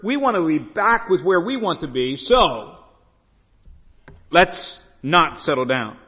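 A man with a high, lively voice delivers a sermon, moving between storytelling and slow, emphatic scripture reading. His voice rises and falls widely. The sound is dull and carries a long church-hall reverb. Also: breathy edge. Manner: storytelling preacher, reads scripture slowly and emphatically. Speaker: pastor.

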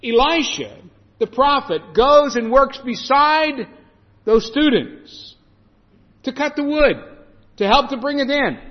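A man preaching a sermon to his congregation, lively and animated, acting out the scripture story in voices. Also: very high-pitched, slow. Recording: muffled echoey hall.

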